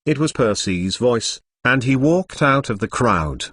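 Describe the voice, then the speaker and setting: A man narrating a storybook chapter, reading plainly through a rough translation. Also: medium pitch, animated, unhurried, few pauses, fairly bright tone, no echo.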